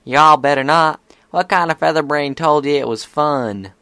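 A man's voice: on the high side, moderate pace, sharp tone, dry recording, voice pushed up. A man voicing a protective older pony sister who scolds and drawls y'all. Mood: scolding. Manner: stern, scolding, says y'all.

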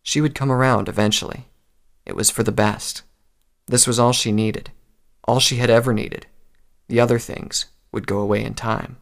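A man reading a story aloud in a calm, measured narration. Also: mid-range voice, creaky.

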